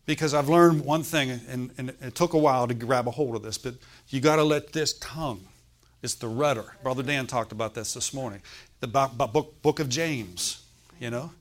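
A man delivering a sermon with an easy, joking, conversational delivery and frequent laughter. His voice is mid-pitched, and he builds up to loud calls to his listeners. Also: moderate pace. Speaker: preacher.

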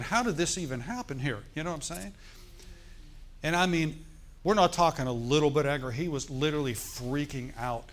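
A middle-aged male pastor, telling a story in a sermon in a conversational, animated way and asking the congregation questions. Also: a little high.

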